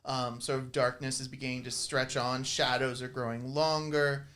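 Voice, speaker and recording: A man's voice: medium pitch, little pitch movement, moderate pace, a bit bright. A man running a tabletop game as game master, describing scenes in a descriptive way with many hesitant fillers.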